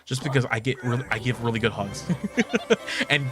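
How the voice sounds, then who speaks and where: Young male streamer, mid-pitched, loose and sweary, game music playing clearly under him. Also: steady tone, normal speed. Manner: candid, swears often, laughs a lot; jumps into high mocking voices for quoted people. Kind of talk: casual chat while gaming.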